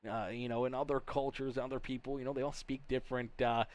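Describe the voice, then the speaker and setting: A man's voice: medium pitch, level tone, quick pace, darkish tone. A young Canadian man hosting a live sim racing broadcast, upbeat and folksy, chatting with viewers. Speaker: race broadcast host.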